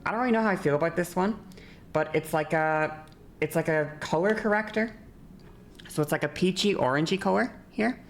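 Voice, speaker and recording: A woman's voice: very deep voice, creaky, a little hiss or hum. A young woman from Northern Ireland chatting casually on stream while doing her makeup, rambling with lots of fillers. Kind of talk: casual stream chat during a makeup tutorial.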